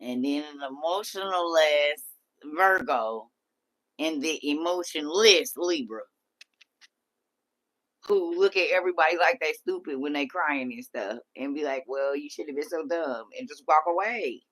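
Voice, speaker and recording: A woman's voice: low-pitched, unhurried. A middle-aged woman hosting a livestream, reading and answering chat comments with lots of laughter. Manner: animated, laughing often, talks back to chat. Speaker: livestream host.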